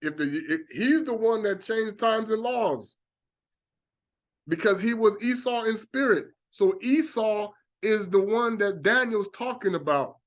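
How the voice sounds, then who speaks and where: A man with a notably high voice preaches in a long monologue. He talks animatedly and breaks into acted-out exclamations to make his point. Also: measured pace. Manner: animated, acts out reactions in exclamations. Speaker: religious teacher.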